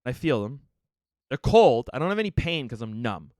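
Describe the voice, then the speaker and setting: A man streamer telling a story in casual talk to his viewers, animated and profane, acting out the people in it. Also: normal speed, no room sound, studio quality. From Canada. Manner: animated, profane, mimics the doctor in raised pitch.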